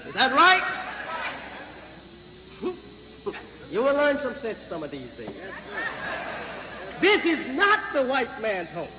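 A man preaching to a live audience in a slow, emphatic way, often asking the crowd whether he is right and pausing on fillers. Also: extremely high pitch, huge pitch swings. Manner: slow, emphatic, repeated rhetorical questions to the crowd; halting with frequent fillers and restarts. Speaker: religious leader addressing a crowd. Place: large hall with an audience. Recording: echoey hall, noisy 1950s archive recording.

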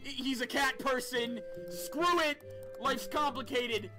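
A man's voice: extremely high pitch, slow, voice pushed up. A man voicing a grumpy, cynical male scientist who mutters bossy instructions. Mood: grumbling. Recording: game music behind the voice.

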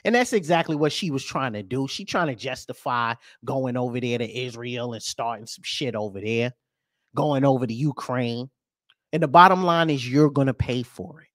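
A man hosting a podcast, ranting over news clips with profanity and rhetorical questions, swinging between loud and soft. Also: mid-range voice, moderate pace, no room sound, clean studio sound. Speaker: podcast host.

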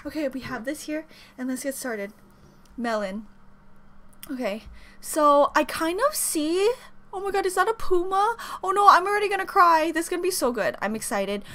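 A woman giving an excited reaction commentary, gushing and squealing with repeated exclamations over faint music. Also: high-pitched, normal speed, slight background noise. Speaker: reaction video creator.

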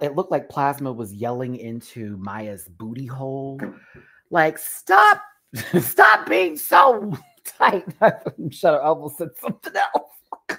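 A woman in her thirties hosting a live stream, telling stories in a loud, animated, profane way and laughing often. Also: extremely low pitch. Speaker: show host reviewing a TV competition. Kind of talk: casual live stream chat.

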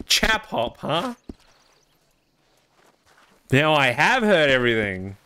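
An Australian man chats casually with his stream viewers, rambling and amused at himself. His voice is smooth and clear, and his pitch swings widely as he talks. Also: huge pitch swings, slow, bright, forceful tone. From Queensland, Australia. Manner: rambling, wry, self-amused.

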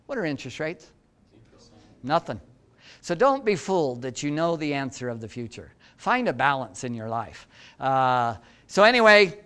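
A man in his sixties, an entrepreneur lecturing students with lively, self-deprecating stories and asides to the audience. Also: medium pitch, clean tone.

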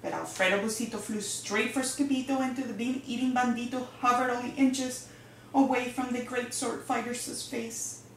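Teacher read-aloud: expressive woman, slightly high voice, echoey room, mic far off. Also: moderate pace, vocal fry, a little hiss or hum. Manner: lively, expressive. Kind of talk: reading a picture book aloud.

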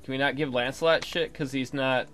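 A man's voice: medium pitch, fairly even intonation, a little fast, fairly bright tone, faint music behind. A man casually commenting on his gameplay, swearing, thinking aloud, and reading the game text. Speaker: let's play gamer.

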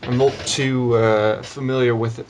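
A man's voice: mid-range voice, level tone, a little slow, a little hiss or hum. Hesitant man moderating a podcast call. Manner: hesitant, many fillers and restarts. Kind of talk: casual group call chat.

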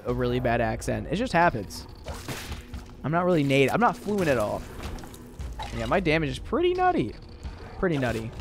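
A young man streaming a game, chatting casually with viewers and rambling with lots of fillers. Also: on the high side. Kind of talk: casual live-stream chat.

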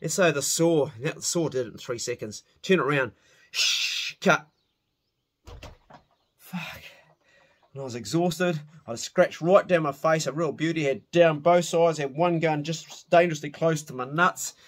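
A middle-aged man spins a rowdy yarn from his youth, animated and loose, swearing as he goes and laughing at his own mishaps. His voice sits a little higher than most men's. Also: normal speed. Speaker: storyteller. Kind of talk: casual spoken storytelling.

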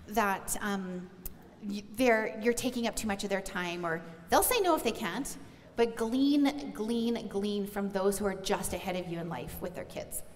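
A woman's voice: mid-range voice, slight background noise. Middle-aged woman, earnest conversational preacher addressing moms, voice ringing in a big hall. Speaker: pastor's wife sharing on stage. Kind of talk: conversational sermon. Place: church auditorium. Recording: long church hall reverb.

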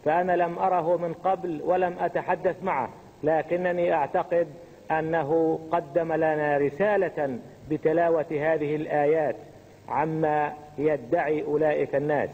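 A man interpreting a religious lecture for an audience, keeping a quick, steady flow behind the speaker. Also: fairly high pitch, slightly rough. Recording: tinny phone-like audio in a long-reverb hall.

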